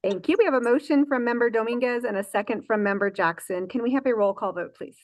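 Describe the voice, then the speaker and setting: A woman's voice: fairly high pitch, fast talker, no room sound. A woman presiding over a public school board meeting, running motions and votes with frequent fillers and self-corrections.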